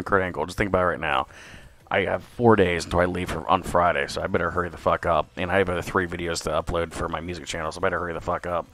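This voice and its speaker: A young man with a low voice hosts a wrestling podcast, rambling through a casual solo review. He's excitable and profane, full of swearing and filler words, and there's no room sound.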